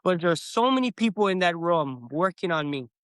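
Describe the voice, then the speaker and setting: Middle-aged guy on a podcast telling his story, acts out his own lines, kinda high voice, dry room. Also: normal speed, clean tone, no room sound. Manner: animated, acts out his own past words. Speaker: podcast guest. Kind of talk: casual storytelling.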